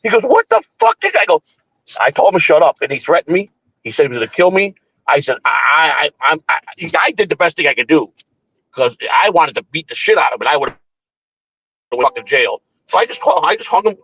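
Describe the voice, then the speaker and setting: A man's voice: fairly high pitch, animated, fast talker, sharp tone, slightly rough, no room sound, dull audio. A man hosting a morning show, telling a long story in casual, profane, rambling talk with frequent restarts. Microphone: streaming setup.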